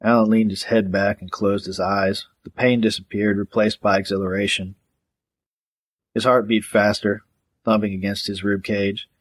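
A man narrating a gritty crime novel in a steady, matter-of-fact audiobook reading. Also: on the low side, moderate pace.

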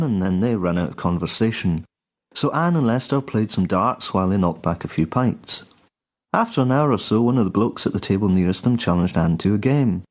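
A man reading a dark comic story in a dry, deadpan way. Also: lowish voice. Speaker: narrator.

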